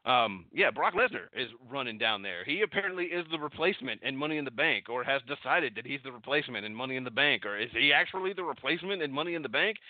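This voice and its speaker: A man recaps a wrestling show in a loose, rambling way, full of sarcasm and casual swearing. His pitch swings widely as he talks. The audio is dry and narrow, like a phone line. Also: animated, quick pace, few pauses, no room sound. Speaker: podcast host recapping wrestling.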